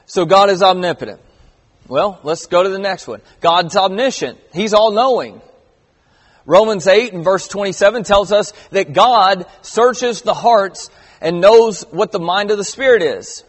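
A man's voice: high voice, a little slow, in a large hall. A middle-aged man preaching a sermon as pastor, conversational with emphatic stresses, reading scripture aloud.

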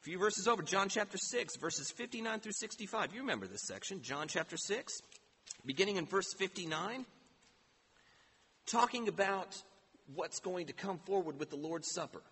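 A pastor preaching a sermon, emphatic and full of rhetorical questions. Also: male voice, sits high, animated, normal speed, bright, forceful tone, husky. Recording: long hall reverb.

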